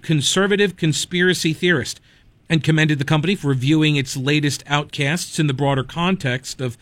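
A man's voice: on the high side, no echo. A man hosting a talk radio show, giving conversational commentary full of digressions and wry asides.

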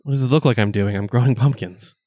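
A man voicing a tall, eerie skeleton that tends a circle of giant pumpkins, speaking in a calm, menacing way. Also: mid-range voice, fast talker, dry recording, clean studio sound, natural voice. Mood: cold, dismissive.

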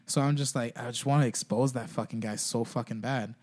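Male guest, talks fast, rambling and profane, casual podcast chat. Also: mid-range voice, fairly even intonation, a little mellow. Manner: rambling, heavy swearing, many "like" fillers.

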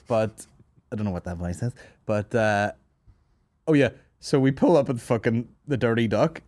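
A man's voice: on the low side, normal speed, pauses often, darkish tone, dry recording. A Northern Irish man in his thirties hosting a comedy podcast, telling a long, sweary story and laughing his way through it. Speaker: podcast host. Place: studio office.

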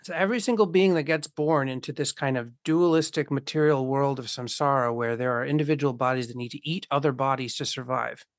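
Talking a little fast with few pauses, a profane, straight-talking speaker muses philosophically in a loose chat and acts out imagined voices. The pitch sits in the middle range, and the close, dry recording carries no room sound.

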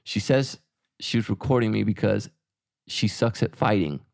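A man's voice: fairly low pitch, normal speed, creaky, no echo. Dry-sounding man telling a story. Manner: animated storyteller, quoting himself and his wife. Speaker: podcast co-host. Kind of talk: casual chat.

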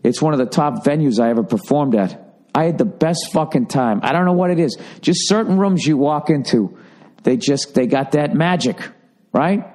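A man's voice: on the high side, animated, normal speed, darkish tone. A man, a comedian hosting his own podcast, talking in a blunt, profane, rambling monologue full of asides.

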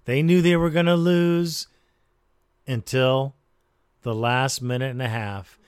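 A man hosting a sports call-in radio show, giving blunt, measured commentary. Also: medium pitch, steady tone, smooth, no echo, studio quality.

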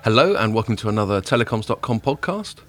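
A man hosting a podcast in casual chat, rambling and self-deprecating, a little hungover and rough-voiced. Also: lowish voice, very animated, quick pace, music in the background. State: hungover, voice a bit deeper than usual. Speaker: podcast host.

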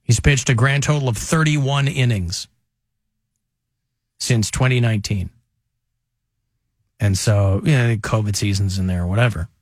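A man's voice: lowish voice, measured pace, long pauses, no echo, clean studio sound. A man hosting a talk radio show, chatting casually with a wry, joking manner and rambling asides.

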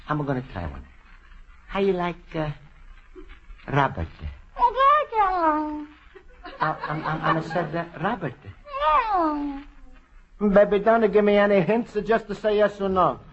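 A tender, fussing Italian immigrant with a heavy Italian accent and a high, light voice. He pleads and chatters in broken English, in the style of 1940s radio comedy. The old broadcast sounds muffled and hissy, with a studio audience laughing behind him. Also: very animated, a little slow, pauses often. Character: gentle middle-aged Italian immigrant man, sweet-natured.

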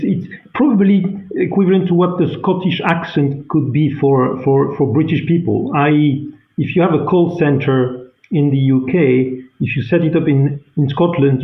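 A man's voice: fairly high pitch, normal speed, few pauses. A middle-aged man from France with a French accent, answering interview questions as a company CEO, hesitant with many fillers and restarts. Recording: echoey room over a tinny phone-like line.

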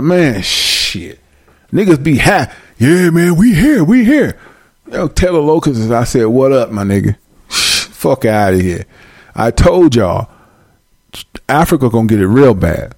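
Animated, profane man ranting on a livestream. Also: medium pitch, no room sound, clean studio sound. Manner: profane, laughing often, animated. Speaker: livestream host. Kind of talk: casual livestream rant.

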